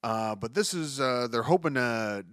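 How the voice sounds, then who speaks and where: A man's voice: mid-range voice, animated, a little slow, a bit bright, clean tone, dry recording, studio quality. A man hosting a solo podcast, reading news and ranting about it in a profane, exasperated way, often restarting his sentences. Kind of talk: casual news commentary.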